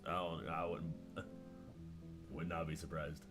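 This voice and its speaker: A man's voice: extremely low pitch, flat delivery, unhurried, fairly bright tone, soft background music. A man chatting casually on a stream in a laid-back way, swearing and laughing a lot. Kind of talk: casual reaction chat.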